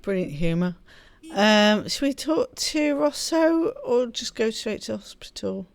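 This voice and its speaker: A woman's voice: a little high, animated, measured pace, vocal fry. A woman hosting a let's play, chatting casually and giggling as she plays. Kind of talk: casual gaming commentary.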